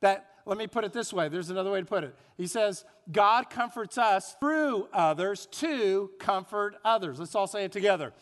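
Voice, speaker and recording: A man preaching a sermon as pastor, animated, asking the congregation questions and having them repeat phrases. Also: high-pitched, moderate pace, hardly any pauses. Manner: animated preaching with rhetorical questions and call-and-response. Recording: long hall reverb.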